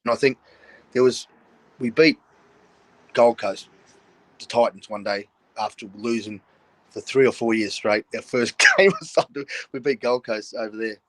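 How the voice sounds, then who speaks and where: A man's voice: medium pitch, normal speed, long pauses, a bit bright. An older Australian man, a guest, telling stories frankly in casual chat and laughing often, joining over a video call. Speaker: guest, former rugby league player.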